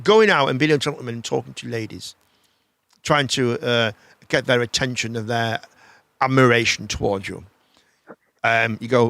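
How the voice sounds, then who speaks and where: A man hosting a live chat show, rambling in a casual, animated way and swearing freely. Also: a little high, normal speed, dry recording.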